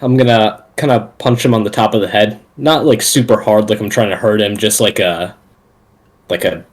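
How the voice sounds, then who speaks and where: A man at a tabletop game, describing his character's actions in a relaxed, easygoing way and laughing now and then. His voice is low. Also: a little fast. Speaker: player. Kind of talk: casual tabletop play.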